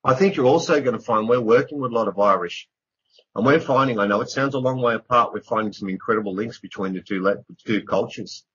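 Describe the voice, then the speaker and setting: A man's voice: medium pitch, fast, fairly bright tone, slightly rough. A middle-aged man, an author speaking as a radio interview guest, earnest and emphatic, repeating words for stress. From Australia. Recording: dull lo-fi radio recording.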